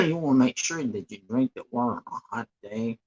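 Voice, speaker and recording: A man rambles slowly to his live-stream viewers, and his voice moves up and down a lot. He sounds a little husky, clears his throat often, and comes through dull, lo-fi stream audio. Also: medium pitch, fairly bright tone. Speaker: livestreamer painting for viewers. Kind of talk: casual live-stream chat.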